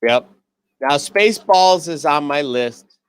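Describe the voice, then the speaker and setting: A man's voice: a little high, animated, takes it slowly, fairly bright tone, clear, resonant tone. A middle-aged man co-hosting a podcast, chatting casually, swearing freely and acting out movie quotes. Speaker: podcast co-host. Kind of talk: casual chat.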